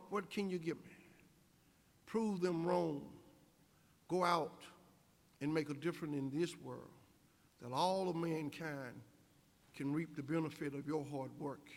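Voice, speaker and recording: An older man giving an inspirational convocation speech as guest speaker, emphatic with preacher-like repetition. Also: fairly high pitch. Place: large convocation hall. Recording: echoey hall.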